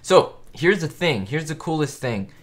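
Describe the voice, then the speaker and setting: A man's voice: fairly high pitch, expressive, moderate pace. A young man hosting a casual live stream, answering viewer questions with chatty enthusiasm. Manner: chatty, enthusiastic, quotes show lines in put-on voices. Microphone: webcam or desk mic.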